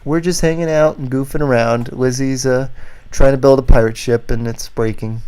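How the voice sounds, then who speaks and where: A man's voice: mid-range voice, fairly even intonation, moderate pace, a little mellow, clean tone. A man hosting a casual livestream, chatting loosely and reading viewer comments aloud. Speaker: livestream host.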